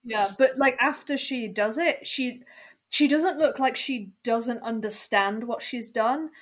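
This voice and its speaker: A woman chatting casually about a TV episode, measured and a little hesitant, filling pauses with ums. Her voice sits a bit higher than most women's. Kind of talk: casual chat reviewing a TV episode.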